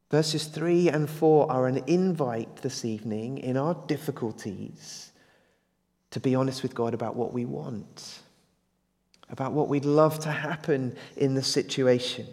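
A man's voice: on the high side, a little mellow. Preacher man in a reverberant hall. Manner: earnest, building to emphatic, asks the congregation questions. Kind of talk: evening sermon.

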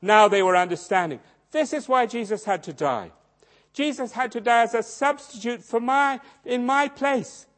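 A man preaching a sermon, swinging dramatically between loud emphasis and hushed low tones. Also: expressive, normal speed. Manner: acts out quoted voices in his storytelling.

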